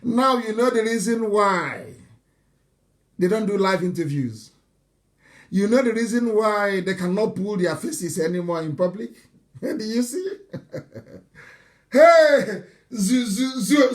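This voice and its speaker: A man giving a live broadcast address to his followers, impassioned and mocking, now and then shouting and breaking into laughter, often stumbling and repeating words. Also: high-pitched. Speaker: movement leader addressing followers.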